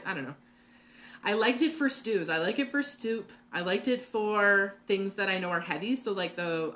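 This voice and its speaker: A woman's voice: medium pitch, bright, forceful tone. A woman hosting a live cooking class from her home kitchen, chatting and rambling with lots of fillers and laughs. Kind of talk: live cooking demo chat.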